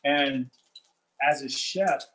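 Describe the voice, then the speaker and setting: A man's voice: medium pitch, very slow, crowd noise, low-quality recording. A man who is a chef, chatting casually and playfully while he cooks on a show. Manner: animated, playful, talks while cooking. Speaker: chef co-host. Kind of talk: casual cooking show chat.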